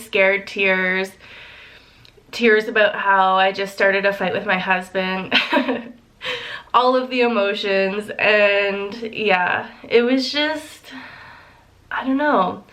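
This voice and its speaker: Young woman, casual vlog chat, unhurried delivery, laughs a lot, filler-heavy. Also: mid-range voice, fairly bright tone. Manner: giggly, chatty, lots of fillers. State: a little emotional. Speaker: vlogger.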